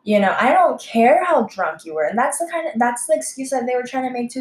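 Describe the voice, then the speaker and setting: A young woman, a restaurant server, telling a story in a casual, heated, profane way, full of fillers and sudden jumps in pitch. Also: expressive, quick pace, few pauses. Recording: echoey room.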